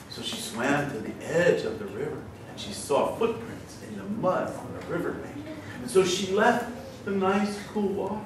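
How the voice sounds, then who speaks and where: A man telling a folktale to children at a school, playful and animated, often laughing. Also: high voice. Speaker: storyteller and musician. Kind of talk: storytelling to children. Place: school hall. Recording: echoey hall from far off, noisy.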